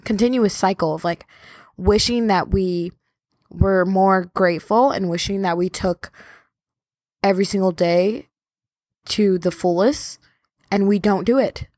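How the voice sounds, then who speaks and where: A woman's voice: medium pitch, unhurried, long pauses, a little mellow, dry recording, studio quality. A young adult woman hosting a podcast in a casual, rambling, self-deprecating chat. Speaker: podcast host.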